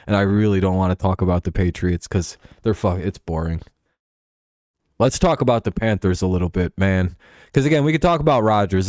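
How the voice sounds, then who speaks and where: Profane, rambling sports-show host, low voice. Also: male voice, darkish tone, dry recording. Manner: profane, rambling, laughs often. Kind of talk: casual sports commentary.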